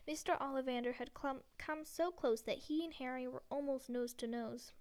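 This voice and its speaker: A woman reads a novel aloud as narrator, plainly and steadily. Her voice is high and smooth, clear on every word. She stumbles now and then and corrects herself mid-sentence. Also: normal speed, few pauses, darkish tone. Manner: plain reading with frequent slips and self-corrections. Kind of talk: audiobook reading of a novel.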